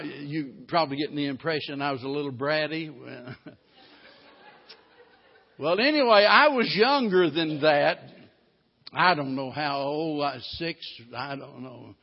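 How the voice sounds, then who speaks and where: A middle-aged pastor delivers a sermon, slipping between homespun stories and emphatic, rising preaching. His voice carries through a large reverberant church. The recording sounds slightly muffled. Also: fairly high pitch. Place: church sanctuary.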